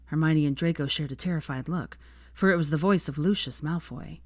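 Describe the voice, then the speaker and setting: Woman reading fanfic aloud, low voice, dry close sound. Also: no echo. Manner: measured, expressive storytelling. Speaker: fanfiction narrator. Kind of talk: scripted narration.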